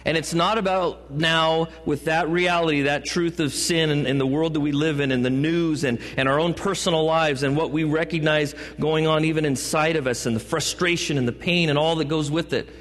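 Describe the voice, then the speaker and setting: Pastor, male, joking sermon delivery, slightly high voice, long church reverb. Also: steady tone, moderate pace, few pauses, fairly bright tone. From California. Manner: joking asides and playful put-on voices. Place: church sanctuary.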